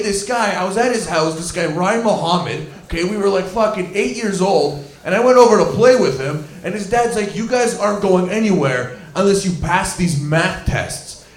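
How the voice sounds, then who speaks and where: High-voiced rambling stand-up comedian man. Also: reverberant. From Scarborough, Toronto. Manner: rambling, profane, filler-heavy storytelling. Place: comedy club venue.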